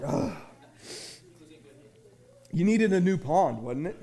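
A very high-pitched man preaching. He rambles through folksy stories full of restarts, then rises into shouted refrains. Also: sing-song, takes it slowly. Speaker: pastor. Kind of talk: sermon. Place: small church sanctuary.

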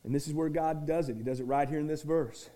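High-voiced preaching man. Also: steady tone, fast. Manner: swings from shouted preaching to quiet asides; restarts and acts out little dialogues. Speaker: pastor. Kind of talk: sermon.

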